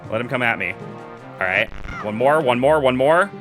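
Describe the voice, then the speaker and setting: A young adult man streaming a game live, chatting with his chat and swinging between quiet muttering and loud yelling. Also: medium pitch, animated, moderate pace, over music. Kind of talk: live gameplay commentary.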